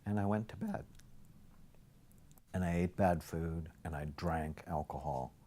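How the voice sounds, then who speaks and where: A man lecturing as a brain health teacher, telling patient stories in an animated way that swings from loud emphasis to soft near-whispers. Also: deep voice, unhurried. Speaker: psychiatrist lecturer. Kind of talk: storytelling lecture.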